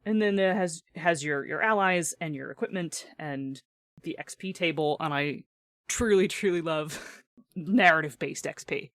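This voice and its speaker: A woman's voice: low-pitched, moderate pace, a bit bright, no room sound. A woman hosting a podcast, chatting casually about tabletop games; she laughs often and slips in dry sarcasm. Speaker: podcast host.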